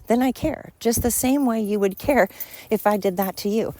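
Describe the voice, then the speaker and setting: A woman hosts her podcast while walking outdoors, sounding slightly winded. Her casual, earnest monologue rambles, full of emphasis and fillers. Her voice is mid-range and darkish, at a moderate pace, with no echo.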